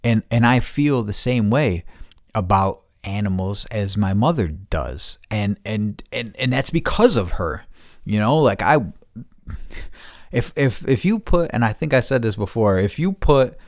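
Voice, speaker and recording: A man's voice: lowish voice, expressive, unhurried, dry recording, studio quality. A man delivering an angry, profane monologue, repeating himself and restarting sentences as he vents. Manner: angry, heavy swearing, repeats words, restarts. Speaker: podcast host.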